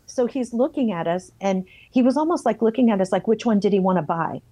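Mellow-voiced woman telling her story bluntly. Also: mid-range voice, expressive, a little fast. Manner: vivid storyteller who acts out her own past thoughts; blunt, plain-spoken, self-censors swearing. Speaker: interviewee sharing her life story. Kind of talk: candid personal testimony.

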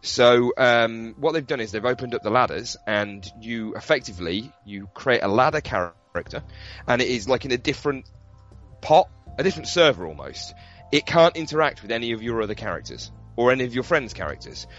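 A man's voice: mid-range voice, a little fast, faint music behind. Guy on a gaming podcast, swears a lot, voice goes all over the place, bit muffled. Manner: animated storytelling with swearing and laughter. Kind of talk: casual gaming chat.

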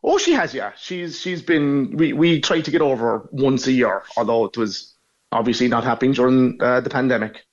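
Speaking at a normal speed in a mid-range voice, this Irish caller living abroad, in his forties with a northside Cork accent, shares stories in a frank, easygoing style. It's a casual phone interview, and the highs are cut off.

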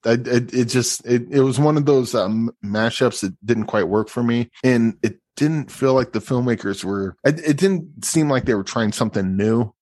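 A man's voice: medium pitch, moderate pace, hardly any pauses, a little mellow, no echo. A man co-hosting a film podcast, chatting casually with sarcastic asides and frequent restarts. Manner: rambling, sarcastic, many restarts. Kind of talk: casual movie review chat.

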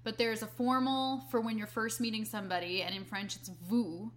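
A young woman in casual conversation, animated and explanatory, acting out quotes with a raised voice. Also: on the high side, brisk, a little hiss or hum. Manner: animated, explains things, acts out quotes loudly. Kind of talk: casual chat.

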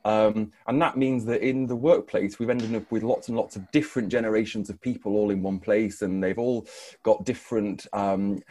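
A man's voice: lowish voice, steady tone, moderate pace, mellow. A man, an academic guest, answering interview questions thoughtfully with frequent fillers. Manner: thoughtful, many hedging fillers. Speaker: guest academic, associate dean.

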